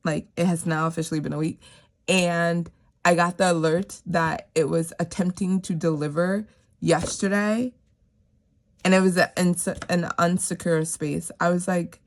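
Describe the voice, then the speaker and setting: Chatty New woman with gravelly voice. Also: lowish voice, fairly even intonation, moderate pace. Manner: chatty, repeats herself for emphasis, talks to viewers. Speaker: savings challenge vlogger. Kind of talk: casual chatty vlog while stuffing cash envelopes.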